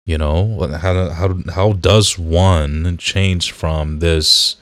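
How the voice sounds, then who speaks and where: Very deep, slow-talking man. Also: steady tone, no room sound, clean studio sound. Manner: slow, searching, agreeable. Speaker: podcast co-host. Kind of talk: casual chat.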